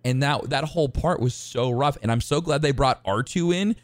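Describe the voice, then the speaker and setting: A man co-hosting a podcast, talking excitedly in a casual, rambling way, with lots of restarts and fillers. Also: mid-range voice, normal speed, dry recording. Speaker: podcast co-host. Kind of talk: casual chat.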